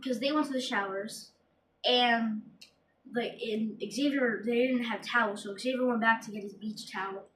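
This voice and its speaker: A woman's voice: on the high side, steady tone, fairly bright tone, slight background noise. Woman far from the mic in an echoey room. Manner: halting, lots of "like", restarts. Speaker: podcast co-host. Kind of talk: casual recap chat.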